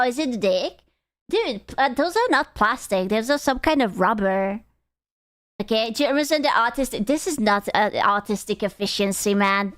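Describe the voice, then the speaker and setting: A woman's voice: on the high side, a bit bright, clean tone. A young woman streamer in casual chat, blunt and profane as she rants to her viewers.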